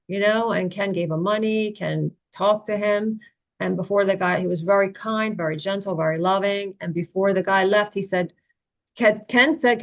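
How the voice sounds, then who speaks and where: A woman's voice: mid-range voice, normal speed. A woman sharing personal reflections in a casual, earnest way on a video call, with many "you know" fillers. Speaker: study group participant.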